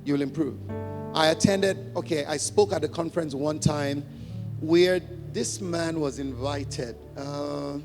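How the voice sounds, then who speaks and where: Male pastor with a high voice, conversational and given to repeating points, recorded in a reverberant church hall with faint music. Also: measured pace. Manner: conversational, laughs often, repeats for emphasis. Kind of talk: teaching sermon.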